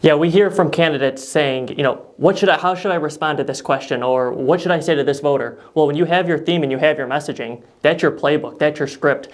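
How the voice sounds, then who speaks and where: A man's voice: on the high side, brisk, few pauses. A man talking as a political campaign consultant, steadily explaining and adding supporting points in an advice chat. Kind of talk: advice chat on a podcast-style video.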